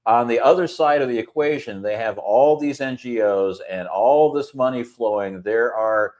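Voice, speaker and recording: A man co-hosting a talk stream, ranting about politics in an animated way, with quick bursts and lots of "you know". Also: medium pitch. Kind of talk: casual political rant.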